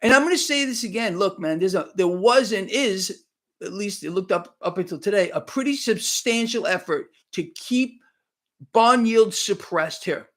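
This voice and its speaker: A man's voice: sits high, animated, normal speed, a bit bright. Man, middle-aged, live market commentator, heated, sarcastic, repetitive. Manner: heated, sarcastic, repeats himself.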